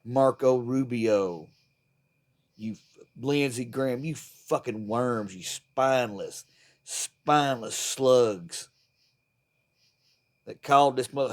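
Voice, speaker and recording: A man's voice: medium pitch, slow, pauses often, a little mellow. A man delivering a profane, fired-up, rambling political rant to the camera. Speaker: vlogger.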